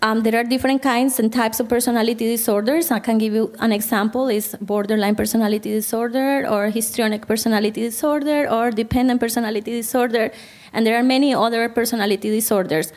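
A woman therapist with a fairly high voice gives a Christian counseling talk. She speaks conversationally and keeps turning to her listeners with questions. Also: steady tone, fast talker, darkish tone. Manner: conversational, asks the audience questions.

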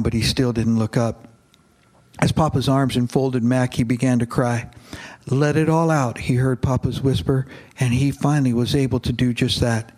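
A man with a mid-range voice reads a novel aloud to a class in an earnest, measured tone. He then turns to teaching as a counselor. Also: medium pitch, a little mellow.

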